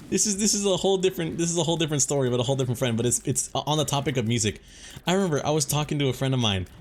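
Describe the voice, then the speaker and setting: A man's voice: on the high side, slight background noise. A young man telling a story in a laid-back, rambling way over gameplay, swearing freely as he goes. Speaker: gaming YouTuber.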